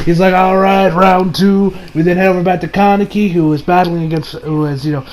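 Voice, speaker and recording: A man giving a casual, rambling recap of an anime episode, full of filler words and restarts, sometimes breaking into excited laughter. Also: sits high, fast talker, rough recording. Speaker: anime reviewer.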